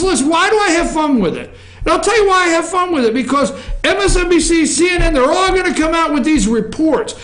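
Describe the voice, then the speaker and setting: A man holds forth on the news as a talk show host, rambling and sarcastic, tossing asides to his crew. His voice sits high and swings up and down with lively energy. The sound carries a noticeable echo off the office walls. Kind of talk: opinionated news commentary. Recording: echoey room.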